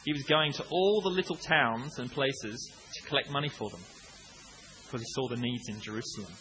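A man in his late thirties preaching a conversational sermon, breaking into acted-out shouts now and then. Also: mid-range voice, moderate pace, background noise. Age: 30s.

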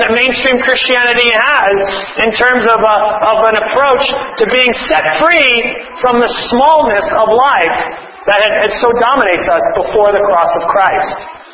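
A man's voice: very high voice, pushed and bright, a little hiss or hum. A man preaching a sermon to an audience in a hall, earnest, often restarting his words and adding wry asides. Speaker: preacher and author. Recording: roomy, slightly dull recording.

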